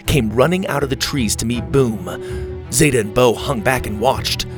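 A man narrating a children's adventure storybook with a steady, expressive reading. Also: mid-range voice, unhurried, over music.

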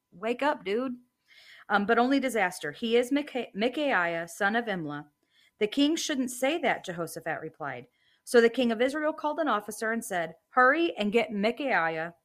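A woman hosting a Bible reading podcast, reading the text aloud and dropping in brief casual asides, slowing down for quoted lines. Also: mid-range voice, fairly bright tone.

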